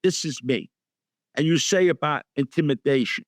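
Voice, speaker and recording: An older man, an actor guest on an interview show, telling lively anecdotes and acting out the dialogue in them. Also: a little high, normal speed, no room sound, clean studio sound. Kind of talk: storytelling interview.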